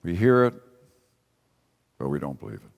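A man's voice: low voice, big pitch swings, moderate pace, creaky, muffled recording. A man preaching a sermon in a conversational way, repeating key phrases and asking rhetorical questions. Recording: long reverb of a large hall.

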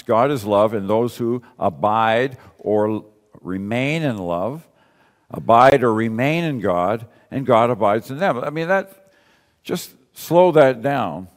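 A man preaching a sermon in a conversational way, repeating key phrases and asking rhetorical questions. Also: lowish voice. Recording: long reverb of a large hall.

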